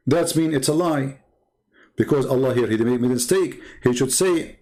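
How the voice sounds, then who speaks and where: Mellow-voiced Arabic-accented man, mocking debater. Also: medium pitch, animated, moderate pace. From Arab world. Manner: mocking, rhetorical questioning. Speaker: debate channel host. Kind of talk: live online religious debate.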